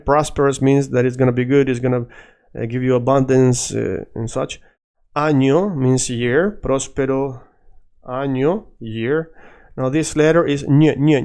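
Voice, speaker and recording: Animated male teacher. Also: mid-range voice, clean tone. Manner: animated, switches between English and Spanish, repeats words for drill. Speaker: Spanish teacher. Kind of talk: casual video lesson.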